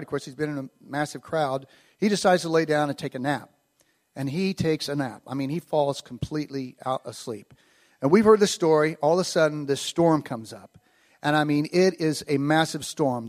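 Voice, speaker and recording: A man preaching a casual storytelling sermon, acting out quoted lines with growing animation. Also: fairly high pitch. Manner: conversational, acts out quoted lines with rising animation.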